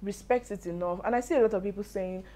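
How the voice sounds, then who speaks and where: A young Nigerian woman giving casual, animated commentary on a reality show, with Pidgin asides. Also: medium pitch, quick pace.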